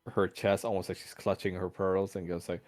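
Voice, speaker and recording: A man narrating a tabletop game as game master, in a relaxed storytelling manner. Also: sits low, a little fast.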